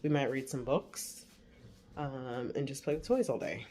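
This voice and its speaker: The recording is very noisy as a mother in her forties talks casually to the camera on her kitchen counter while cooking breakfast. Her voice rumbles low and her pace is a little slow.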